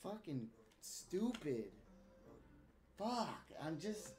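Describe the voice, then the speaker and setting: A woman's voice: fairly low pitch, big pitch swings, drawn-out words, a little mellow. A woman streaming a game, giving live commentary as a profane, frustrated rant. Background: game music.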